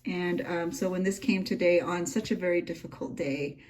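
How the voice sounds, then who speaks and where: Soft-spoken, gushing woman. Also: lowish voice, fairly even intonation, moderate pace. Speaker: journaling vlogger. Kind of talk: casual flip-through vlog. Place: home room.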